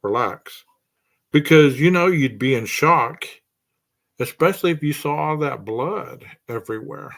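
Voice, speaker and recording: A man's voice: on the high side, animated, moderate pace, gravelly, fairly bright tone. A man hosting a true crime podcast, speculating aloud through a string of rhetorical questions.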